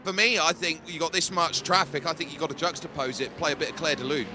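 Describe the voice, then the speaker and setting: A man calling an online race as lead commentator, energetic and rapid-fire in his play-by-play. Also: fairly high pitch, loud music behind the voice.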